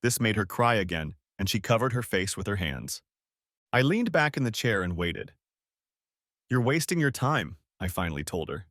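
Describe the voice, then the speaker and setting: A man tells a dramatic first-person story as an audiobook narrator. His pitch moves a lot as he delivers the scenes with emotion. The sound is dry and close. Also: big pitch swings, brisk, fairly bright tone, no room sound.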